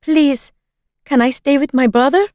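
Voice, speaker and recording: A woman's voice: sits high, very animated, moderate pace, mellow, breathy edge, dry recording, studio quality, pitched above the performer's own voice, heavily acted. A woman reading a storybook voices a frightened young girl who pleads anxiously in a raised voice. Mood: pleading.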